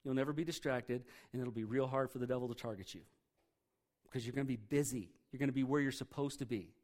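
A man preaching a sermon. He reads scripture aloud and explains it in a conversational way, pushing hard on key words and then dropping to a quiet voice. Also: medium pitch, quick pace. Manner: emphatic, swings between loud stresses and quiet drops. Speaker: pastor.

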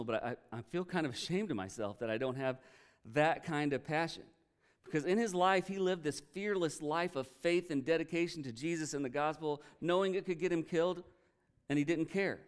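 Man, pastor, sermon, earnest storytelling, emotional, slightly higher voice, smooth and clear. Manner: earnest storytelling, emotional, retells quotes with energy.

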